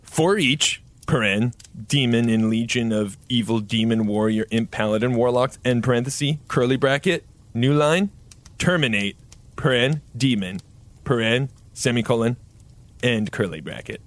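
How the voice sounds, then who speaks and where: A man playing a smug genius wizard hero in a comedic reading, boastful and loud. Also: medium pitch, normal speed, no echo, natural voice. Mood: frantic.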